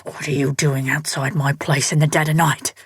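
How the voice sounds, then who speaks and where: A woman reading an audiobook, voicing a gruff, irate grown man in a lower, rougher voice. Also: moderate pace, dry recording, studio quality. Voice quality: gruff, low. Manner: terse, growled through clenched teeth. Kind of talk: audiobook character voice.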